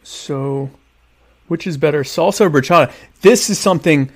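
A man chatting casually to viewers while eating dinner, rambling and joking with deadpan irony about being a quiet type. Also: a little high, moderate pace. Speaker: vlogger answering viewer questions. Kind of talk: casual comedic chat.

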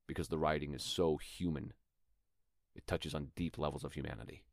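A man with a very low, deep voice talks through acting technique in a relaxed, thoughtful way. He sounds like a podcast host teaching his listeners, and now and then he reads a line aloud as an example. The sound is dry and close, with no room around it. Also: a little fast, gravelly, no echo. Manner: thoughtful, conversational, demonstrates lines aloud. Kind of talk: instructional talk.

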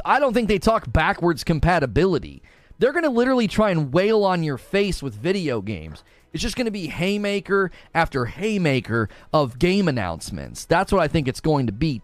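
A man's voice: on the high side, dry recording. A man hosting a gaming livestream, reacting to chat in an emphatic, casual way with slangy asides.

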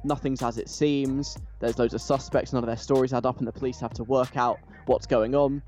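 A man talks in a loose, casual way, piling on enthusiasm and tripping over his own restarts. His pitch sits right in the middle for a man. Faint music plays quietly behind him. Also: a little fast. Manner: animated, gushing, with frequent restarts.

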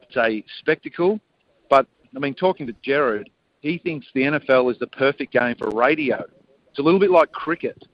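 A man's voice: medium pitch, expressive, moderate pace, no echo, lo-fi sound. A man speaking as a guest commentator in a casual radio interview, earnest and enthusiastic.

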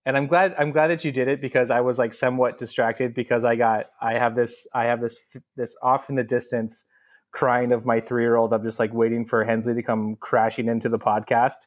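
A man in his thirties co-hosts a podcast in loose, casual chat. He restarts and repeats his words as he goes, and his pitch sits in a plain middle range. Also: little pitch movement, highs cut off. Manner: halting, repeats words as he talks. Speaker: podcast co-host.

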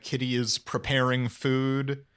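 A man's voice: mid-range voice, completely flat delivery, takes it slowly, a bit bright, smooth. A man chatting casually as a podcast host, enthusiastic and rambling with many fillers. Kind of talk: casual chat.

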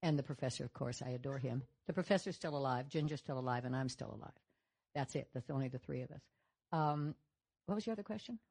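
Chatty older woman, low husky voice. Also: fast. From Nevada. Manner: chatty, animated storyteller. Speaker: panel guest actress. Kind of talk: audience Q&A chat. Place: event stage with audience.

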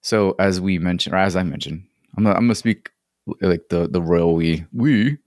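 Deep low guy hosting a laid back podcast, stumbles and repeats words, dry close mic. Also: brisk, no room sound. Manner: easygoing, repeats words at starts. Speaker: podcast host. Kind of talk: relaxed podcast chat.

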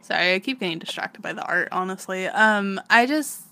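A woman in casual conversation, relaxed and chatty, with many fillers. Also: medium pitch, brisk. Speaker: podcast co-host. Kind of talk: casual chat about manga.

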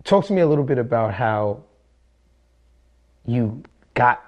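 A man's voice: medium pitch, expressive, a little slow, darkish tone. A man hosting a podcast who asks his guest loose, conversational questions. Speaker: podcast host. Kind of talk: interview questions. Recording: dull lo-fi sound.

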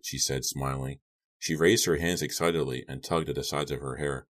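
A man narrates a young-adult horror novel in a very deep voice. He keeps his reading measured and subdued. The tone stays steady between the characters' outbursts. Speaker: audiobook narrator. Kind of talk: scripted audiobook narration.

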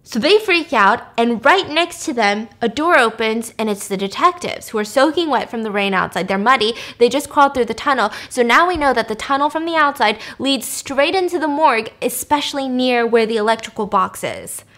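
A woman's voice: on the high side, expressive, a little fast, few pauses, fairly bright tone. A woman casually retelling a story, acting out the characters' lines in shifting voices. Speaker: podcast host.

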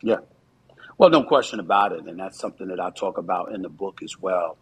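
A man's voice: deep voice, brisk, slightly rough, rough recording. A man in his fifties, a commentator, giving earnest, reflective interview answers with frequent fillers.

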